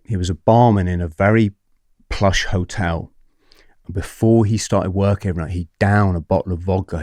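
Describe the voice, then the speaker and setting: A man's voice: on the low side, mellow, dry recording, clean studio sound. A man in his forties telling a story as a podcast guest, acting out what other people said, swearing and laughing often.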